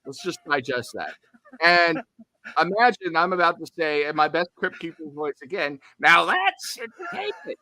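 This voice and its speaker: A man's voice: fairly high pitch, moderate pace, sharp tone, dry recording. A man co-hosting a horror movie podcast, chatting casually with jokey, self-deprecating asides. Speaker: podcast co-host.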